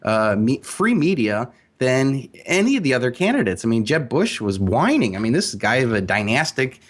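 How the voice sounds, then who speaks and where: A man's voice: medium pitch, very animated, normal speed. Emphatic man talking with many fillers. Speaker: guest. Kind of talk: casual interview talk.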